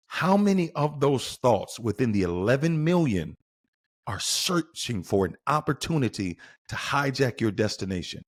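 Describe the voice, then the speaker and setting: A man's voice: mid-range voice, sing-song, moderate pace. A man hosting a podcast, delivering an emphatic motivational monologue full of rhetorical questions to the listener. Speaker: podcast host.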